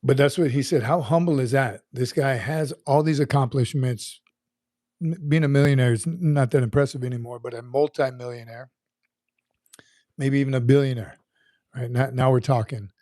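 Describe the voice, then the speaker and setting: A man's voice: medium pitch, fairly even intonation, normal speed, warm tone, no echo, clean studio sound. A man hosting a casual livestream, greeting viewers by name in an upbeat, folksy, rambling way. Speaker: livestream host.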